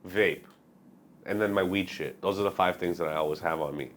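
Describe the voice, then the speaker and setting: A man's voice: sits low, a little fast, a bit bright. A young man, a comedian guest, trading crude jokes in casual chat. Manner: crude, joking banter.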